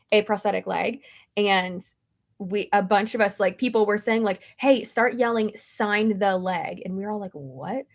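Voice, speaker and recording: A beauty vlogger tells a story in loose, casual chat, packed with fillers, restarts and lively asides. Her mid-pitched voice has a gravelly edge with a touch of vocal fry.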